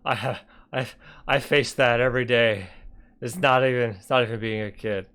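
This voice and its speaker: A man's voice: mid-range voice, fairly even intonation, moderate pace, a bit bright, clean tone. A man heckling a speech he is playing in a sarcastic comedy reaction, telling jokes with put-on voices. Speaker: commentary YouTuber reacting to a speech.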